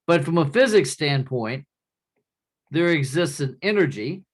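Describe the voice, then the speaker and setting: A man giving a classroom lecture in a relaxed, conversational way, often checking in with the class by asking "right?". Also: on the high side, a little slow.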